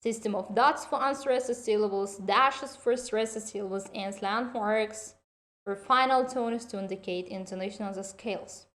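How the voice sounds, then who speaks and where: A woman giving an online university lecture, speaking slowly and deliberately and addressing her students directly. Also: medium pitch.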